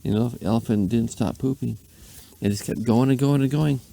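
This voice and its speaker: A man's voice: mid-range voice, brisk, creaky, mellow. A man, a dad, rambling playfully through an improvised bedtime story. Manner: rambling, playful, with silly asides.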